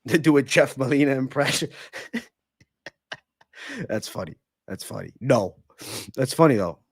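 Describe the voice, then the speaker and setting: A young man hosting a live fight-talk stream, brash and swearing freely as he banters with viewers. His voice swings lively up and down, and the sound is dry and close with no room around it. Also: medium pitch, a little slow, breathy edge, dry recording. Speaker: livestream host and fight analyst. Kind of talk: casual live-stream chat.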